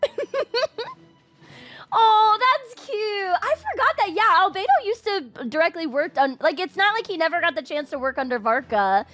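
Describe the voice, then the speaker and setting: A young woman streaming a game, excitable, squealing and shouting as she reacts. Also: very high voice, moderate pace, soft background music.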